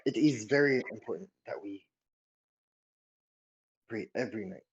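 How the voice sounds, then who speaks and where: A man's voice: on the low side, normal speed, slightly rough, lo-fi sound. A man playing a tabletop game, describing his character's actions hesitantly and repeating words as he goes. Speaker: player. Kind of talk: tabletop game role-play.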